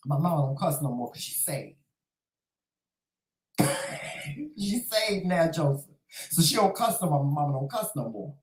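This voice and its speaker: This man hosts a livestream talk show, speaking a preachy, sassy, foul-mouthed monologue to his live chat and addressing listeners as "honey" and "child." His slightly high voice swings widely in pitch at a moderate pace with long pauses, and the recording is rough and roomy.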